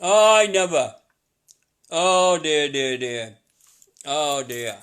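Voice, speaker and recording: A middle-aged man with a voice pitched a touch high gives a psychic reading to a sitter. He talks in a chatty, looping way, repeats himself and laughs easily between his lines. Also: expressive, drawn-out words, fairly bright tone. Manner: chatty, repetitive, laughing often. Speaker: psychic medium.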